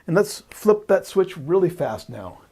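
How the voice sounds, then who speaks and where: A man's voice: high-pitched, very animated, a little slow, mellow, husky. A man teaching electronics, explaining step by step while he draws, patiently repeating the key points and thinking aloud. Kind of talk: explaining while drawing on a board.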